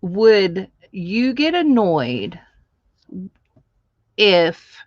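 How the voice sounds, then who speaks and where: A woman's voice: medium pitch, big pitch swings, very slow, dry recording, lo-fi sound. A woman hosting a live stream, chatting casually with viewers while she crafts, laughing often.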